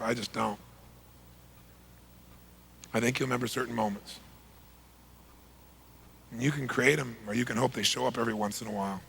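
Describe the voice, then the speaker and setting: A middle-aged man, a motivational speaker, telling a story emphatically, swinging from loud bursts to hushed lines. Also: medium pitch, creaky, breathy edge.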